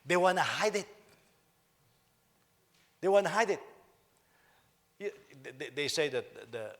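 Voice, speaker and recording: Here the senior pastor, a middle-aged man, speaks on the high side and takes his time. His sermon is lively and full of jokes for the congregation, with many repetitions and restarts.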